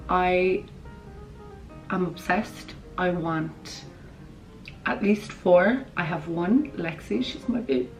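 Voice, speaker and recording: A young woman in her twenties with a Kerry Irish accent, chatting bubbly and quick to camera as a vlogger. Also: fairly low pitch, soft background music, rough recording. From Ireland. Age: 20s. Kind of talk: casual chat to camera.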